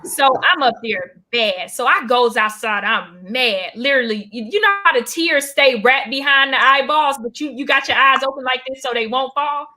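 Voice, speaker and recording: A woman's voice: sits high, normal speed, hardly any pauses. A young woman stand-up comedian telling a story in casual chat, acting out the people in it. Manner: animated, acts out voices when retelling a story.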